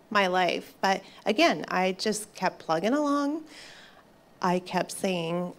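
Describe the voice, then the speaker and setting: A woman in her fifties with a medium-pitched voice gives an audience a personal faith testimony. She speaks earnestly and reflectively, pausing and restarting as she goes.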